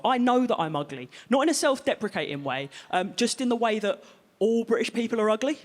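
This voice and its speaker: A woman's voice: mid-range voice, very animated, brisk, long reverb tail. A woman doing blunt, wry observational stand-up comedy on a large theatre stage. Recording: live theatre with loud audience.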